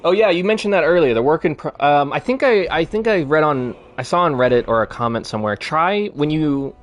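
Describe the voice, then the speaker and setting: A man's voice: fairly high pitch, expressive, fairly quick, lo-fi sound. A man chatting casually on a live stream, rambling and swearing freely as he rants.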